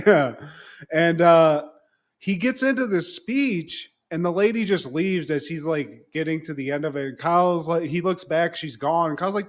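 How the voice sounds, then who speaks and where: A man co-hosting a podcast, retelling a movie in casual, animated, profane storytelling. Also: fairly high pitch, normal speed. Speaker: podcast co-host.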